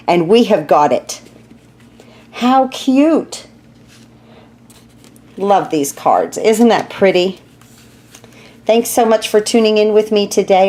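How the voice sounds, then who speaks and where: Working through a relaxed card-making tutorial, a middle-aged woman keeps up a chatty commentary and giggles at the mess she's making. Her voice is lowish and mellow.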